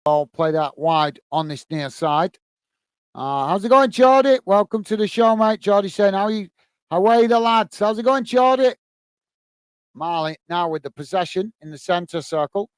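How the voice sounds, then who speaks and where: A British man with a fairly high voice hosts a live football watch-along, calling the play and reading out viewers' messages in a friendly, chatty way. His voice comes across smooth and clear, recorded close on a dry mic with no room sound. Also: normal speed, dry recording. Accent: British English. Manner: chatty, greets viewers by name, frequent "uh" fillers.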